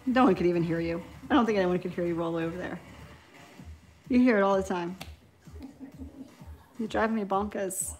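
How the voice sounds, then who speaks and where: New york lady in her 30s on a live stream, tipsy off wine, chatty and all over the place, some quiet music behind. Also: mid-range voice, a little fast, pauses often. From New York, Long Island. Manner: chatty, scattered, giggly. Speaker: nail beauty YouTuber. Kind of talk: casual live stream chat while swatching.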